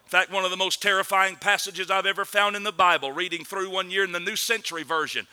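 Bright high-voiced man preaching with fervor. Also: steady tone, quick pace, clean tone. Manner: earnest, swings between loud emphatic preaching and low quiet stretches. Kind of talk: sermon.

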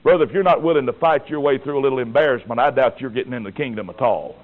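A man preaching a sermon with passion, firing rhetorical questions and swinging between hushed tones and shouts. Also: mid-range voice, quick pace. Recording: tinny, phone-like lo-fi recording.

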